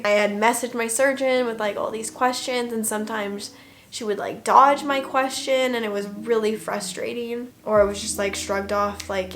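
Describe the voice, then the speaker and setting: A young adult woman telling her story in a casual vlog, chatty and full of fillers, dropping into hushed asides. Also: mid-range voice. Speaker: vlogger.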